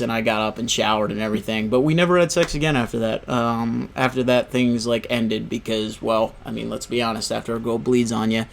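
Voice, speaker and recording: A man's voice: medium pitch, gravelly, slight background noise. A young man hosting a gaming video, telling a story in a casual, rambling way, full of "you know" and "right?". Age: young adult.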